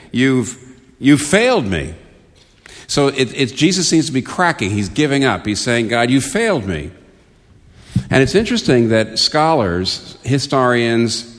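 A man's voice: lowish voice, big-room sound. A man preaching a sermon, earnest and building to impassioned questions.

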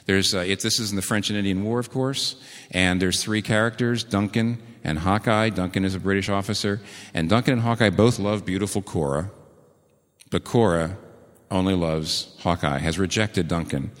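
A man preaching a sermon, telling stories earnestly and slowing down to repeat key words with emphasis. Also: deep voice, in a large hall. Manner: earnest storytelling with slow emphatic repetitions. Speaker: pastor.

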